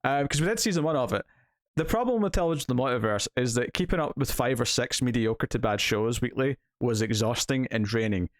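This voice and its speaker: A man's voice: mid-range voice, lively intonation, a little fast, no room sound, clean studio sound. A man hosting a casual TV news podcast, chatting with lots of fillers and frequent laughter. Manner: laughs often, filler-heavy rambling. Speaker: podcast host. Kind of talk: casual chat.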